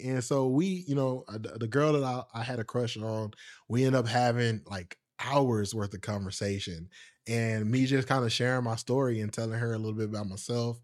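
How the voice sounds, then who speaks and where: A man hosting his own podcast, telling a personal story in a casual, animated way, with frequent laughs and asides to his listeners. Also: mid-range voice, moderate pace. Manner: speaks straight to listeners. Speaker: podcast host.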